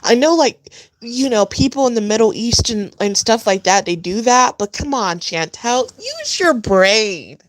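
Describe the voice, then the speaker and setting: A woman's voice: mid-range voice, lively intonation, measured pace, hardly any pauses, a little hiss or hum. A woman giving blunt, profane, mocking reaction commentary on a video. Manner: mocking, blunt, swears often.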